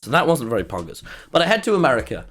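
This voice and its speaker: A young man, telling a rambling, animated story to his live-stream chat and swearing freely. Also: medium pitch, rapid-fire. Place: home streaming room.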